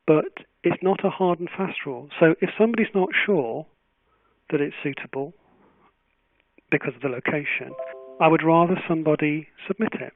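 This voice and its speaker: A man answering webinar questions as a journal editor, speaking in a thoughtful, measured way with frequent restarts. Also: fairly high pitch, no echo. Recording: tinny phone-like webinar audio.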